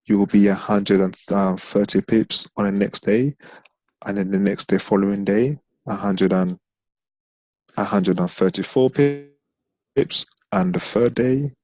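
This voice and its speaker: Deep-voiced man teaching a trading lesson. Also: no echo. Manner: explains step by step, counting candles aloud. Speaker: trading instructor. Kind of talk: screen-share trading lesson.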